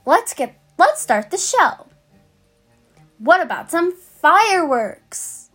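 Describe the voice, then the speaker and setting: A woman voicing a boastful male stage magician in a deliberately high-pitched, theatrical voice, read while playing a game. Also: big pitch swings, a bit bright, soft background music, heavily acted. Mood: showy. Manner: grand, theatrical announcing.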